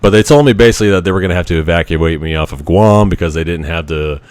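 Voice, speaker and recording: A man hosting a podcast, telling a personal story in a frank, animated way with the odd curse. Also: sits low, fast talker, no echo. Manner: frank, animated, occasionally profane. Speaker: podcast host. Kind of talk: casual storytelling monologue.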